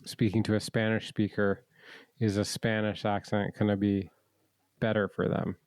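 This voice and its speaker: A man's voice: fairly low pitch, flat delivery, moderate pace, a little mellow, no echo. A man co-hosting a podcast, chatting casually with playful, goofy, teasing humor. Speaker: podcast co-host. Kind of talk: casual chat.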